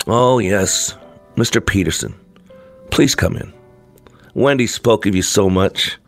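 Grieving young mother, a man reading her: gentle, apologetic, soft-spoken, over quiet music. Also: fairly low pitch, takes it slowly.

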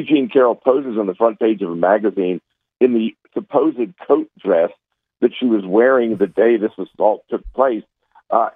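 A man's voice: fairly low pitch, dry recording. Man on a phone line, dry and tinny, combative and scornful political pundit. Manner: combative, scornful, with many fillers and restarts. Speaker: political contributor.

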